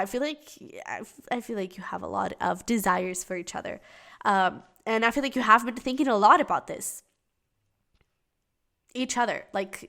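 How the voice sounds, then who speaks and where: A woman giving a casual tarot reading to camera, chatty and giggly, with many fillers and restarts. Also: mid-range voice. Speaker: tarot reader.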